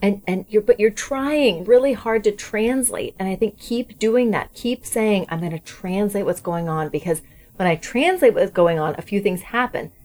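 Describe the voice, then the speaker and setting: A woman's voice: medium pitch, expressive, moderate pace, a little mellow. A woman co-hosting a parenting talk, explaining ideas at length and often checking in with "right?". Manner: explanatory, frequent "right?" tags. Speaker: parenting podcast co-host. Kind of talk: casual chat.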